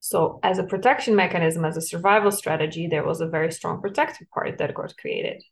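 A woman's voice: lowish voice, brisk, vocal fry. A woman hosting a solo parenting podcast, explaining in an earnest, coaching way with frequent light laughs.

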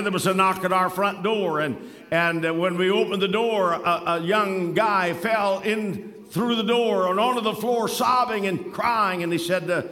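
A man's voice: high voice, bright, forceful tone, long reverb tail. A man preaching a sermon, quoting scripture in old-fashioned wording and telling folksy stories with rising emphasis. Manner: preaching with scripture quotations in King James wording.

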